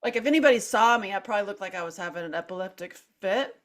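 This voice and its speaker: Woman, middle-aged, podcast host, candid storytelling, animated, filler-heavy, laughing. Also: mid-range voice, very fast. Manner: animated, dramatic swings in loudness, acts out her own quoted lines; frequent "like" fillers and restarts, laughs through speech.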